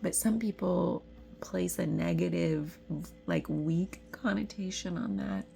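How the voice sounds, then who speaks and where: Tearful, gravelly-voiced woman reading tarot. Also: lowish voice, expressive, takes it slowly. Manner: tender, drifting into soft whispers when moved. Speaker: intuitive tarot reader. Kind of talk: emotional spiritual talk to camera.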